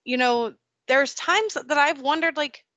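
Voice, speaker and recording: A woman's voice: high-pitched, a little slow, bright, forceful tone, dry recording. A woman speaking as a podcast guest in a candid personal conversation, earnest and openly emotional.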